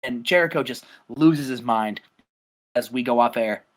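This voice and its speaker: A man co-hosting a casual wrestling game podcast, telling the story with excited, hyping energy. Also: mid-range voice, moderate pace. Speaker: podcast co-host. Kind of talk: casual chat.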